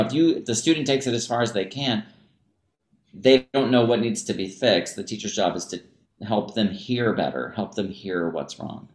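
A man who teaches music chats casually in a relaxed interview, his voice on the low side and the room echoey. His speech is chatty and full of "like" and "you know" fillers.

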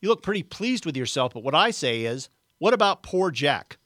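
A man voicing a blustering, self-righteous ghost of a middle-aged man, loud and aggrieved. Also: a little high, big pitch swings, moderate pace, dry recording, studio quality, pitched above the performer's own voice. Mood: indignant.

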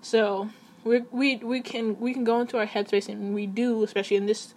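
A woman's voice: a little high, steady tone, a little fast, darkish tone, a little hiss or hum. Chatty woman, rambling vlog talk. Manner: chatty, rambling, with self-corrections and laughs. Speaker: vlogger. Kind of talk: casual talk to camera. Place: at her computer.

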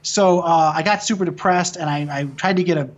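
Here the Michigan filmmaker, a man in his thirties, sounds fairly high and fairly quick, with the top frequencies cut off. His guest storytelling meanders, profane and full of restarted sentences, in a casual chat.

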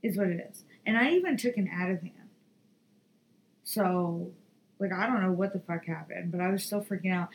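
A tired woman hosting a podcast, telling a story in a profane, rambling, animated way. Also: on the low side, normal speed, a little hiss or hum, poor audio. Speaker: podcast host. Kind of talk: casual solo podcast monologue.

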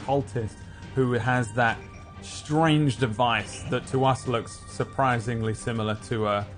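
A man narrating as game master, relaxed and halting, with plenty of fillers and made-up sound effects. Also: medium pitch, faint music behind.

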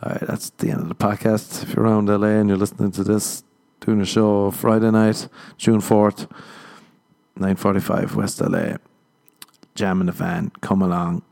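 A male comedian rambles through a podcast monologue in a low, mellow voice. His delivery is dry and offhand, and he often laughs at his own jokes. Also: vocal fry.

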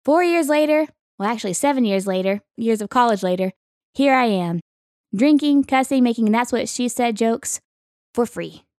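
A woman's voice: a little high, lively intonation, moderate pace, darkish tone, no room sound, studio quality. A young woman co-hosting a podcast, chatting casually and cracking teasing jokes. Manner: playful, teasing quips. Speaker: podcast co-host.

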